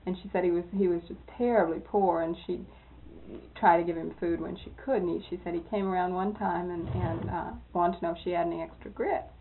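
A woman being interviewed, telling old anecdotes in a lively way that often breaks into laughter. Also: fairly low pitch, fairly quick, background noise. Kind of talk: oral history storytelling. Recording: tinny lo-fi tape, phone-like.

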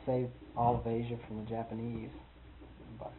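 A man's voice: mid-range voice, monotone, moderate pace. A man telling a long personal anecdote in a rambling, amused way, chuckling as he goes. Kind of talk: personal storytelling. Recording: tinny phone-like with hiss.

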